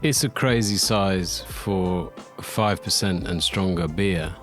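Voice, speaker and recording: Scottish-born guy, really deep voice, dry jokes at his own expense, light music behind. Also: takes it slowly, a bit bright. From Scotland. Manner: dry, self-deprecating humor. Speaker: podcast guest. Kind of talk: casual chat.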